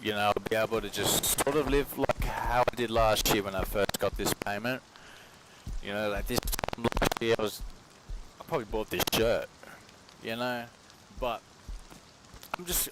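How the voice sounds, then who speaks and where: Aussie guy streaming from his kitchen, rambly and sweary, lots of noise in the background. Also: medium pitch. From Australia. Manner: rambling, profane, slangy. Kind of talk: casual rambling stream chat. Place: home kitchen while cooking. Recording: noisy home stream audio.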